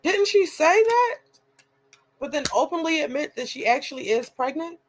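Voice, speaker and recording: A woman's voice: high voice, animated, moderate pace, slight background noise. A woman hosting a reaction video, chatty and exasperated as she comments and reads viewer comments aloud. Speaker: reaction channel host.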